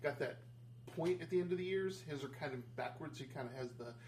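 A man running a tabletop game as game master, laughing often and breaking into squeaky goblin voices. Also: fairly quick, darkish tone, echoey room, slight background noise.

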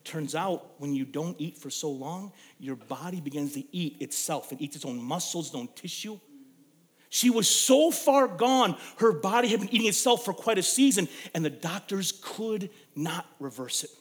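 High-voiced, animated male preacher. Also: normal speed. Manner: storytelling preacher, swings from loud emphasis to hushed. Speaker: pastor. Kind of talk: sermon.

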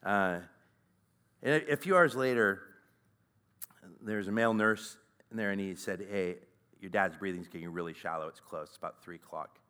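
A man in his forties giving a talk at a conference, telling a personal story in a conversational, halting way with frequent fillers. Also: low voice, sharp tone, smooth. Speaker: conference speaker.

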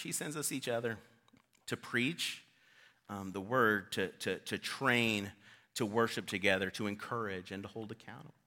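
A man's voice: lowish voice, pushed and bright. A male pastor preaching a sermon in an informal, conversational storytelling way.

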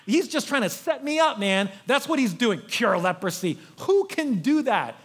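A man's voice: very high-pitched, big pitch swings, normal speed, fairly bright tone, breathy edge, pitched above the performer's own voice, exaggerated voice. A man acting out a hot-tempered ancient king who rants in angry disbelief. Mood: livid. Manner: ranting, incredulous, exasperated. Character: furious ancient king, male, middle-aged, hot-tempered.

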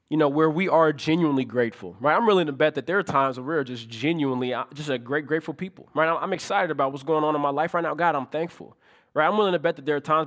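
A man's voice: a little high, a bit bright. A man preaching a sermon in a conversational way, asking rhetorical questions and building to emphatic peaks. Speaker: pastor.

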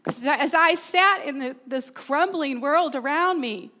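A woman's voice: high-pitched, a little slow, pushed and bright. A middle-aged woman pastor preaching a sermon, earnest and personal, asking her listeners questions.

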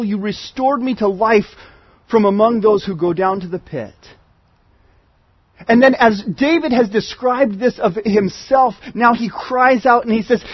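A man's voice: extremely high pitch, no echo, lo-fi sound. A man preaching a sermon as pastor, earnest and conversational, often restarting his phrases.

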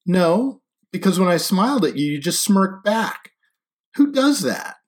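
A man's voice: a little high, very animated, normal speed, voice pushed up. A man voicing a blunt, sarcastic teenage girl in an audiobook reading, with a teasing manner.

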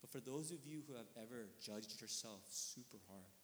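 A male pastor preaching a conversational sermon, earnest and probing, often checking in with listeners, moving from quiet reflection to sudden emphatic bursts. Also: mid-range voice, normal speed, a little hiss or hum. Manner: earnest, often asking listeners with tag questions. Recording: long reverb of a large hall.

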